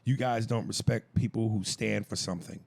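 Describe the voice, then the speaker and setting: A man co-hosting a podcast, reading out and mocking a listener email in loud, crude casual banter. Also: a little fast, vocal fry. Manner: loud, animated and crude, jumps pitch for emphasis. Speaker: podcast co-host.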